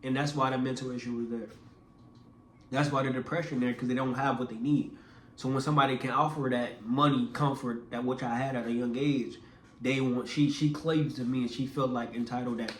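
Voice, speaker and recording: A man's voice: medium pitch, fairly quick, slight background noise. Young man telling a story in an echoey room. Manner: animated, acts out quoted voices; casual, repeats words and restarts. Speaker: vlogger. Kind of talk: casual storytelling.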